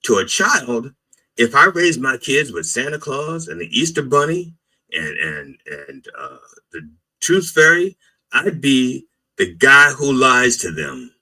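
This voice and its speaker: A man's voice: medium pitch, sing-song, takes it slowly, sharp tone, poor audio. A man hosting a podcast as a comic mock reverend, riffing bluntly in a rambling monologue. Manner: blunt, riffing, repeats itself with "all right?" and "okay?".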